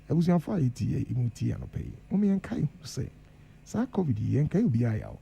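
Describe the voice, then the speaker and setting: A man's voice: medium pitch, big pitch swings, racing, vocal fry, warm tone, husky, dull audio. A Ghanaian man speaking as the guest professor on a radio panel, earnest and emphatic, switching between Twi and English. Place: radio studio.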